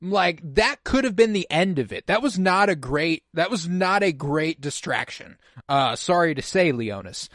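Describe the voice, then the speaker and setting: A man's voice: on the high side, animated, moderate pace, fairly bright tone, no room sound, clean studio sound. A man co-hosting a casual podcast, rambling with lots of fillers and acting out quotes. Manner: rambling, full of "like" and "uh", acts out quotes. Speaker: podcast co-host.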